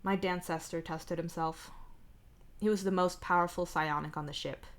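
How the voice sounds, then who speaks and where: A woman's voice: on the low side, fairly even intonation, normal speed, natural voice. A woman reading aloud as a guarded, curt young psychic who speaks stiffly.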